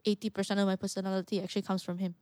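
A young woman from Malaysia, a fighter telling stories as a guest in a casual interview, animated and quick with asides. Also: medium pitch, smooth, dry recording, studio quality. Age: young adult. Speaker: guest, mixed martial artist.

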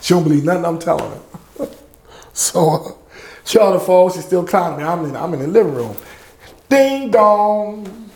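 A middle-aged man, a music producer telling lively anecdotes in an interview and acting out the people he quotes. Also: fairly high pitch, fairly quick, echoey room. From Louisiana. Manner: lively anecdotes, acts out quoted voices, laughs often. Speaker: music producer and label head, interview guest. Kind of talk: animated storytelling in a podcast interview.

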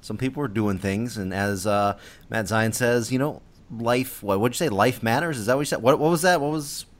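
A man's voice: mid-range voice, a little fast. A young man hosting a casual podcast, laid-back, with lots of fillers and laughs. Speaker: podcast host.

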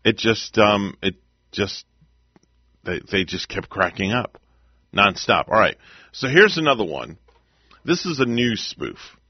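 Low-voiced radio guy rambling along, husky, lively up and down, dull lo-fi sound. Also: a little slow, pauses often, dry recording. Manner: chatty, rambling, laughs along with clips. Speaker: radio morning show host. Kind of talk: casual radio talk.

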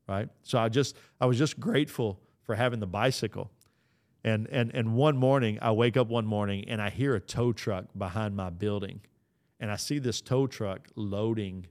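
Earnest low-voiced man telling a story. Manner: earnest, repeats and restarts phrases. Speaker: podcast host. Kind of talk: personal storytelling monologue.

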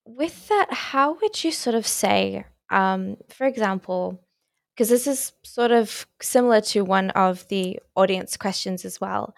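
Unhurried and with some vocal fry, this young woman's mid-range voice comes through in studio quality with no room sound. As host of a parenting podcast, she poses long, hesitant questions laden with "sort of" during a conversational interview.

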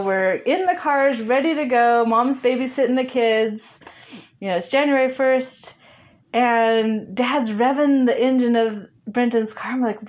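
A woman's voice: a little high, expressive, moderate pace. A woman guest in an interview, telling a story casually, laughing often and acting out bits of dialogue.

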